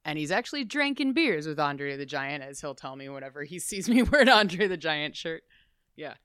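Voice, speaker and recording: Casual interview guest from chicago, chatty and rambly, mid-pitched, no room echo. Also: big pitch swings, moderate pace, a bit bright, clean tone, clean studio sound. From Chicago, USA. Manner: chatty, rambling, full of "like" asides.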